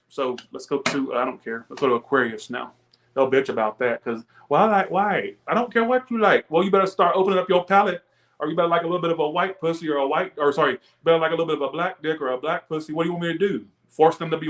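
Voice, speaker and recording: Young man, tarot reader, animated rant, swears a lot, fairly high voice. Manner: ranting, profane, animated; chats with viewers, laughs often. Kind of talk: live-stream tarot reading.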